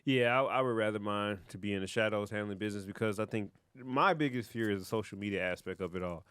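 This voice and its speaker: A man's voice: lowish voice, fast talker, a bit bright, clear, resonant tone, no room sound. A man co-hosting an anime podcast, laid-back and chiming in with short agreements in casual chat. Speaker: podcast co-host.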